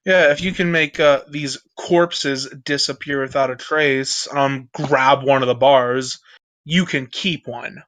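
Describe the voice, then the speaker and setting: A man playing a tabletop role-play game, brisk and businesslike, giving orders to others. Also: mid-range voice, fairly even intonation, fairly bright tone. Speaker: player.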